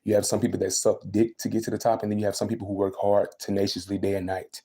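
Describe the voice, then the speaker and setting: A man's voice: fairly low pitch, completely flat delivery, quick pace, mellow. A young man venting emphatically and repeating himself on a casual livestream. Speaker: livestreaming vlogger.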